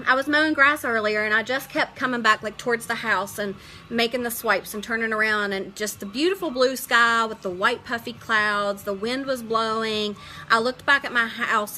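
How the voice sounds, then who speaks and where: A woman's voice: a little high, sharp tone, rough recording. Chatty middle-aged woman streaming makeup live. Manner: chatty and heartfelt, greets viewers by name.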